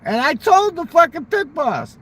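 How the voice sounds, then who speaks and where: A man's voice: very high-pitched, sing-song, normal speed, a bit bright. A man in casual chat, animatedly telling profane stories and acting out the dialogue. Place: fast-food restaurant.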